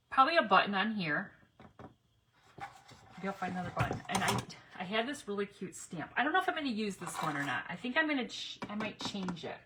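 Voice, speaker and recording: A woman's voice: mid-range voice, noisy background. A woman chatting with viewers while demonstrating a craft project on a live stream. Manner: chatty, talks while working, addresses viewers directly. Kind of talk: live crafting demo chat.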